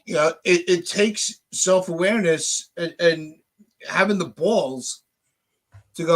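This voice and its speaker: Slow and high-voiced, a man hosts a podcast in a heated, casual exchange. He vents his frustration with profanity and keeps restarting what he's saying.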